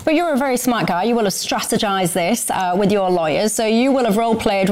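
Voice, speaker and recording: A woman's voice: mid-range voice, brisk. A woman interviewing a guest, putting pointed, pressing questions. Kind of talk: probing news interview.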